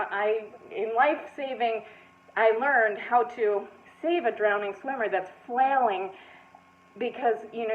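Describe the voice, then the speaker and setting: A woman telling a personal story in an animated way, often breaking into laughter. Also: fairly high pitch. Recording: tinny phone-like sound in an echoey room.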